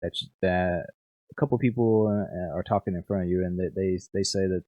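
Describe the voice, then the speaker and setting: A man's voice: deep voice, steady tone, fairly quick, dry recording, phone-quality sound. A young man narrating as game master, rambling with lots of fillers and repeated words.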